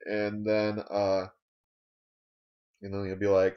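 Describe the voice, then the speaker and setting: Low-voiced deadpan rambling man. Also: a little slow, long pauses, clean tone. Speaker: comedian. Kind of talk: rambling comic monologue. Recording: dull lo-fi recording.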